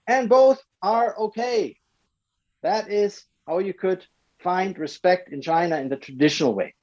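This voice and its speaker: High-pitched guy coaching a group over a call, acts out little quotes, dull lo-fi sound. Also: unhurried. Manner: animated, acts out short quoted lines. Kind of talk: explaining to a group.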